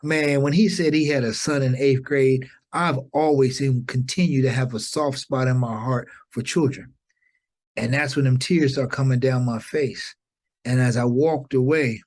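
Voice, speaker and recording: 50s guy guesting on a podcast, inspirational stories, animated, kinda preachy. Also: moderate pace. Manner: animated, preacher-like, rises into high exclamations. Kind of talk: inspirational storytelling.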